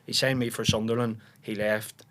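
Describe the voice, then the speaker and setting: A Northern Irish man in his forties talks in a low, easy register. He is a podcast guest spinning relaxed anecdotes, with plenty of fillers and false starts as he goes. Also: normal speed. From Northern Ireland. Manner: relaxed storyteller, frequent restarts and fillers. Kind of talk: casual podcast interview chat.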